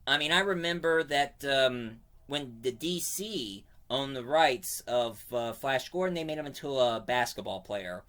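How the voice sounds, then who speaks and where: A man's voice: mid-range voice, lively intonation, unhurried, hardly any pauses, a bit bright. A man giving a casual spoken comic book review, rambling and digressive, often stopping to correct himself mid-sentence.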